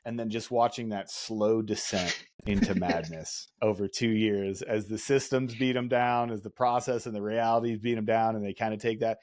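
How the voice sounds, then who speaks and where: A man's voice: on the low side, fairly even intonation, normal speed, darkish tone, no room sound, studio quality. A man hosting a podcast in casual chat, joking and self-deprecating. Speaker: podcast host.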